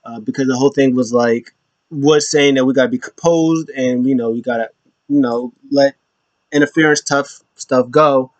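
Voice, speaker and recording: A man's voice: medium pitch, steady tone, moderate pace, no room sound. A man hosting a casual wrestling recap, talking loosely and rambling with lots of fillers. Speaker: show host. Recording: slightly dull lo-fi, dry.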